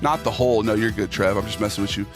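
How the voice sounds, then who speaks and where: A man's voice: fairly low pitch, fairly even intonation, fast talker. A man hosting a casual livestream, reading posts aloud and reacting with jokey, profane banter to his chat. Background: instrumental music playing under the talk.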